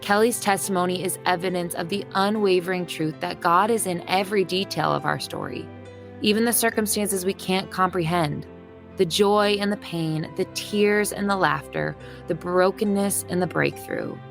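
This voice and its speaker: A woman hosting a faith podcast, giving a gentle, earnest scripted introduction. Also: lowish voice, normal speed, gravelly. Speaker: podcast host. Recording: faint music behind voice.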